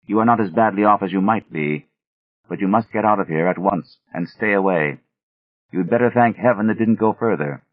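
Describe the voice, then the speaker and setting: A man's voice: sits low, dry recording. A man voicing a grave, bearded older villager who speaks steadily and bluntly. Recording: thin phone-like audio.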